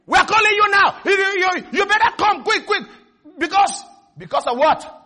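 A man doing a shouting, pushy debt collector. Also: extremely high pitch, animated, pitched above the performer's own voice, exaggerated voice. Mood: demanding. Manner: shouting, hurried, demanding.

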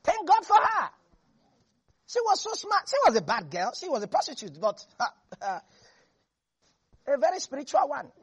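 A preacher delivering a lively sermon that swings between hushed asides and shouts. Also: sits high, normal speed, long pauses.

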